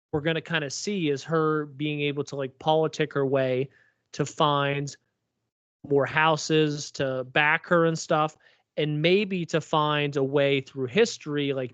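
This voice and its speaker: A man's voice: on the high side, a bit bright, dry recording. A man co-hosting a podcast, chatting casually about a TV episode, rambling with lots of fillers. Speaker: podcast co-host. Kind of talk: casual TV recap chat. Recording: dull lo-fi recording.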